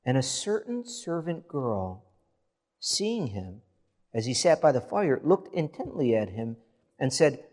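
A male pastor delivers a sermon in a mid-pitched voice. He reads passages of scripture with rising, dramatic emphasis and settles into a plain, earnest tone between them. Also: big pitch swings, a little slow, darkish tone.

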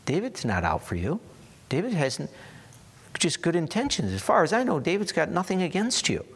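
A man's voice: fairly high pitch, wildly swooping pitch, very fast, slightly rough, pitched above the performer's own voice, exaggerated voice. A man voicing a bewildered, earnest older male priest who pleads his innocence in a strained, raised voice. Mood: pleading.

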